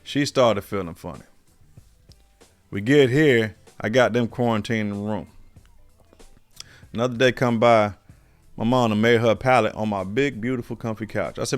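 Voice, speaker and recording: A man co-hosting a podcast, telling a comic story in casual, profane chat and jumping high when he quotes himself. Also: normal speed, long pauses, soft background music. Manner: animated, profane, jumps to high pitch when quoting himself. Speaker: podcast co-host.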